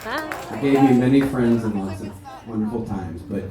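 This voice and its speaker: A man, the son of the deceased, giving a memorial speech in a ballroom, telling chatty, animated anecdotes. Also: fairly low pitch, moderate pace, over music, crowd noise. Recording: echoey hall, speaker heard from a distance.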